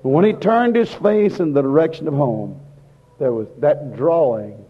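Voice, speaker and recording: A man with a husky, slightly raised voice preaching with fervour, dropping to a hush and then rising again. His sermon rings through a hall with a long, lingering echo, and the recording sounds dull and lo-fi. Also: a little high, lively intonation, unhurried. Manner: impassioned, repetitive preaching that swings between hushed and loud. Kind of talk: fervent sermon.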